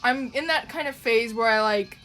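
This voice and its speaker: Drawing on a home stream, this young woman from Canada chats casually with her audience and reads their messages, swearing freely, laughing a lot, and drifting into ums. She has a fairly high, fairly bright voice and a moderate pace, with soft background music.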